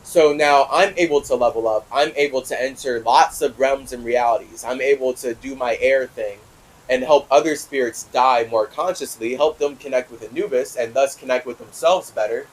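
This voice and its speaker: A man hosting a spiritual talk show, reading a listener's letter aloud and answering it in a passionate, heated monologue with big swings in pitch and loudness. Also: moderate pace, poor audio.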